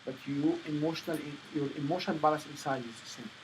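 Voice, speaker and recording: A man coaching a student on stage presentations, speaking in halting phrases with many restarts. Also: fairly high pitch, fairly even intonation, a little hiss or hum, low-quality recording. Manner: non-native phrasing, repeats and restarts. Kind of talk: coaching session.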